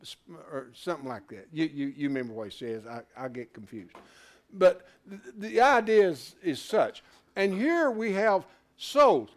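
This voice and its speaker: A man teaching a Bible class, animated, who keeps asking rhetorical questions and restarting his words as he thinks aloud. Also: fairly high pitch, normal speed.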